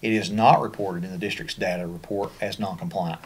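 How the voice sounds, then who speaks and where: A man's voice: low voice, steady tone, brisk, husky. A man with a Kentucky accent presenting a special education training over slides, in a conversational way with frequent fillers and restarts.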